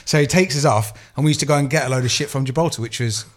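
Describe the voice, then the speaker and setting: A man's voice: mid-range voice, very fast. A man in his thirties, a podcast co-host telling rambling anecdotes in casual chat and swearing freely.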